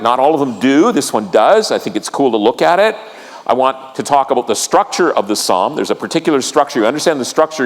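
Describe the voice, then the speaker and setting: Earnest pastor preaching in a reverberant church. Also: male voice, mid-range voice. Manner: earnest, repeats key lines, asks the congregation questions. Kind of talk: sermon. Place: church sanctuary.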